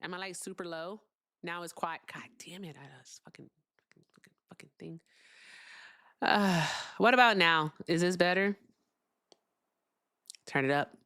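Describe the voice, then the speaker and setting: A woman's voice: on the low side, normal speed, long pauses, fairly bright tone, dry recording, clean studio sound. A young woman hosting a casual livestream, chatting with her viewers while she fixes her sound. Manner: chatty, talks to viewers, fiddles with sound settings. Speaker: livestream host.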